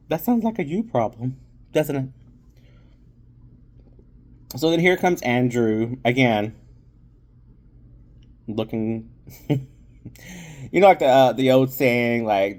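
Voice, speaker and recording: A man's voice: mid-range voice, lively intonation, takes it slowly, long pauses, darkish tone. A man giving a casual spoken movie review, rambling with lots of fillers and restarts.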